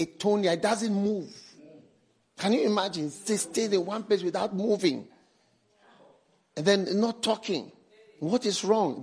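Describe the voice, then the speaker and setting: A male preacher with a high, husky voice delivers his sermon at an unhurried pace. He drives points home by repeating key phrases slowly, dropping to a hush and then rising loud again. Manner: swings between hushed and loud passages.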